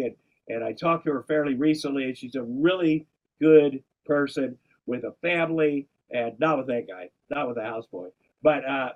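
In a dull, lo-fi recording, a man with a medium-pitched, darkish voice chats casually, rambling off on tangents and repeatedly restarting his sentences.

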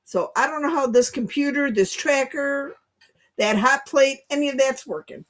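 A woman's voice: high-pitched, moderate pace. A woman in casual chat, bluntly mocking and complaining about a movie. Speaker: podcast co-host.

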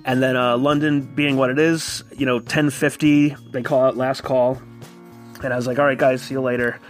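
A man in his thirties from New York telling a casual, animated personal story and acting out quoted voices. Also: mid-range voice, normal speed, soft background music. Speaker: guest storyteller. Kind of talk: casual anecdote.

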